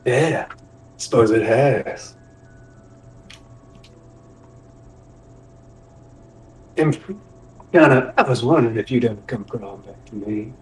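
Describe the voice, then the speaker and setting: A game master voices a shifty shapeshifting dealer in a tabletop game, sly and scornful of everyone. His voice sits at an ordinary pitch and comes from some distance off the mic. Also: normal speed, lightly acted. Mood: bitter. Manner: sly, scornful deal-making.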